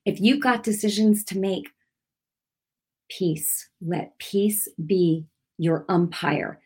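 A woman's voice: medium pitch, slow pace, mellow, husky. A woman giving an informal, earnest sermon without notes. She talks conversationally and often restarts her sentences. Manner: unscripted, speaking without notes. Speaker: preacher.

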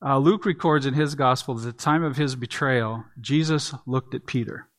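A man's voice: medium pitch, moderate pace. A man preaching an earnest expository sermon, leaning on emphatic repeats. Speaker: pastor.

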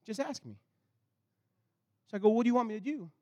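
A man preaching a sermon, telling a story with animated swings between loud bursts and low, intense stretches. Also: fairly quick, highs cut off. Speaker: pastor.

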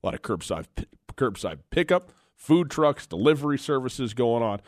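A man's voice: medium pitch, very animated, normal speed, dry recording. A man hosting a sports radio show, chatting in a rambling, self-deprecating, folksy way in a studio where he shares one microphone. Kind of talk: casual sports radio talk.

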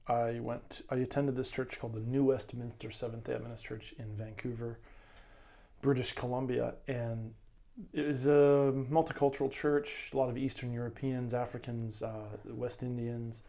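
A man's voice: mid-range voice, flat delivery, moderate pace, gravelly, dark tone. A man co-hosting a Bible lesson commentary, telling a story with enthusiasm and frequent restarts in casual religious discussion.

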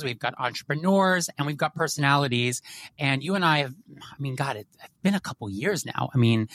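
A man's voice: mid-range voice, a bit bright. A man hosting a podcast in an upbeat, chatty way. His talk is eager and gushing. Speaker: podcast host. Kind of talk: podcast interview.

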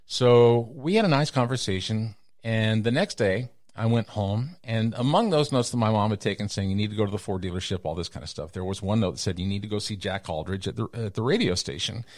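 A man in middle age, from Texas, talks in a low, grounded voice, recorded close and dry with no room sound. He tells stories in a relaxed way and jumps far up in pitch when he quotes other people. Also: brisk, no echo. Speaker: guest storyteller. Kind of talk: casual storytelling interview.

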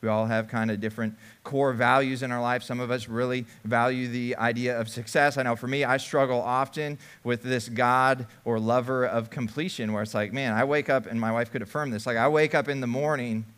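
A man's voice: mid-range voice, fairly bright tone, clear, resonant tone. A man preaching a sermon, first reading scripture aloud and then explaining it in a conversational way. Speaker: pastor.

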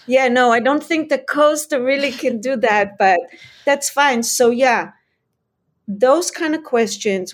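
A woman speaking as a parenting expert guest in an interview, explaining her ideas in an earnest, expressive way. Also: sits high, a little slow. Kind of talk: conversational interview.

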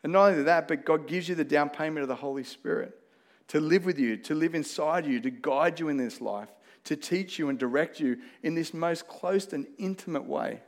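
Earnest Australian preacher, fairly high voice. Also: male voice, normal speed. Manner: conversational, earnest preaching with personal anecdotes. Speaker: pastor. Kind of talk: sermon.

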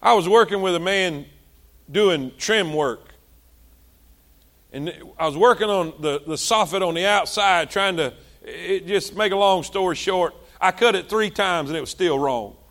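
A male pastor, preaching a sermon with passion, repeating himself and swinging between loud and soft. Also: sits high, unhurried.

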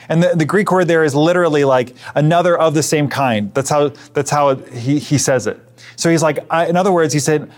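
A man's voice: a little high, fairly quick. Earnest conversational pastor, man. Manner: earnest, conversational, with frequent restarts and hushed asides. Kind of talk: sermon.

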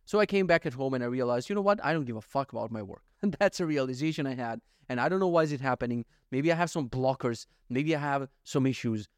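A man's voice: medium pitch, lively intonation, fast, few pauses, no room sound, studio quality. A young man ranting casually in a daily vlog, swearing often and getting worked up with exasperation. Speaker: vlogger.

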